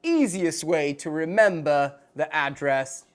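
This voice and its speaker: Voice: mid-range voice, expressive, slow pace. Jokey podcast host in mid-range voice. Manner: playful, rambling, jokey sign-off. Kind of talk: comedic podcast banter, put-on English accent.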